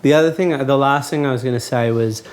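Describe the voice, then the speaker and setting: A man's voice: mid-range voice, quick pace, darkish tone, clean tone. An Australian comedian explaining his ideas in casual chat, earnest and thoughtful.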